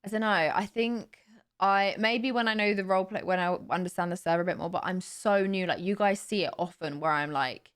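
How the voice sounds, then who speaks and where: A woman's voice: on the low side, fairly even intonation, a little fast, clear, resonant tone. Chatty young Southern English woman. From south of England. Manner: chatty, rambling, reads and answers chat. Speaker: streamer. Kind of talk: casual live-stream chat. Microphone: desk mic with noise gate.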